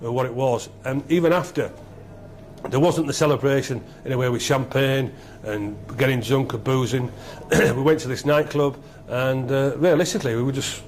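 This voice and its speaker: A middle-aged man, a former rugby captain being interviewed, telling stories excitedly and repeating himself. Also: mid-range voice, normal speed, a little hiss or hum. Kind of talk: animated storytelling interview.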